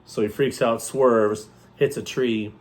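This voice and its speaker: A man co-hosting a horror movie review in casual chat, joking and rambling, with thoughts that trail off softly. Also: medium pitch, fairly even intonation, slow. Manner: joking, jumps into loud playful outbursts.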